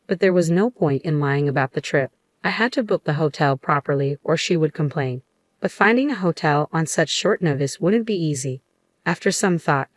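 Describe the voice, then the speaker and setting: A woman narrating a first-person story in an even, matter-of-fact scripted reading. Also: sits low, dry recording.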